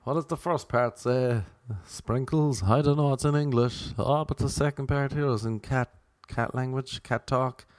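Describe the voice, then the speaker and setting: A man's voice: medium pitch, fairly even intonation, moderate pace, few pauses, a little mellow, no echo, studio quality. A young Irish man with an Irish accent, rambling through a loose comic monologue and drifting off on tangents. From Ireland. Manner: loose, jokey, goes off on tangents. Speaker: comedian.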